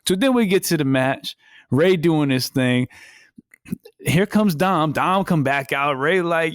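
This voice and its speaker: A man co-hosting a wrestling podcast in casual chat, animated, acting out quotes in slang. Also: high voice, moderate pace, no room sound, clean studio sound. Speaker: podcast co-host.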